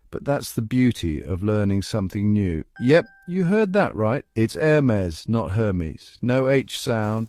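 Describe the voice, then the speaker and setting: A man giving scripted, upbeat narration as a pronunciation guide, coaxing the listener and slowing down to spell out each word. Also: on the low side, a little mellow, no echo.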